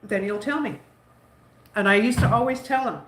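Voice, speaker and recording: A woman vlogger with a stuffy nose chats casually about her son while making bread dough at home, her voice a little high and her speed normal. She rambles warmly about him, saying "like" a lot. The room gives the recording an echo.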